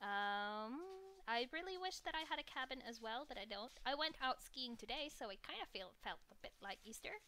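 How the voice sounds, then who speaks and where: Giggly high-voiced woman streaming. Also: expressive, normal speed, few pauses, sharp tone. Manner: giggly, laughs often. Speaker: stream co-host. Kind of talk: casual livestream chat.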